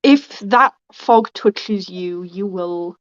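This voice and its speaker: A woman's voice: medium pitch, extremely slow, no echo, lo-fi sound. A woman playing in a tabletop game who rambles and repeats her words as she talks. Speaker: player. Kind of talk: casual tabletop play.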